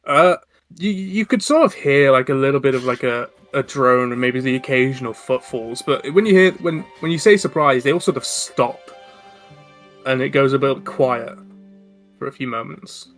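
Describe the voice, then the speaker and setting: A man's voice: medium pitch, moderate pace, a bit bright, faint music behind. Man narrating as dungeon master. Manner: casual, stumbling, laughs often. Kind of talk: narrating a tabletop game.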